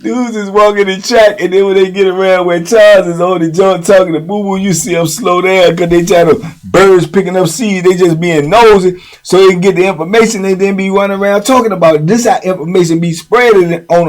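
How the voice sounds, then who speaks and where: Full of slang and frequent "you know what I'm saying" check-ins, a man casually spins prison stories as the host of a monologue. He talks a little fast in a high-sitting, fairly even voice, with hardly any pauses.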